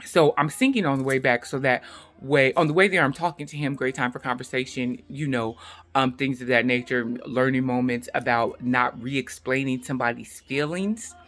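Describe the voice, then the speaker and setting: A woman's voice: rumbling low, moderate pace, a bit bright. A middle-aged woman vlogging to camera in a chatty, emphatic way, repeating herself for stress. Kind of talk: casual talk to camera.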